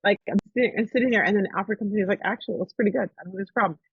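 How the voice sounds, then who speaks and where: A woman's voice: medium pitch, very fast, breathy edge, no room sound, phone-quality sound. A woman hosting a podcast, telling a personal story in casual chat and acting out the voices of the people in it. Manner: animated storytelling, acts out quoted voices. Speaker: podcast host.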